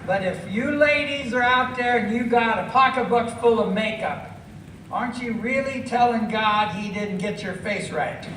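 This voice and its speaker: A man from the United States with a very high voice does live stand-up, slow and drawn-out, leaning on emphasis and breaking into shouts. Echo fills the venue, the mic is distant, and ambient noise is audible.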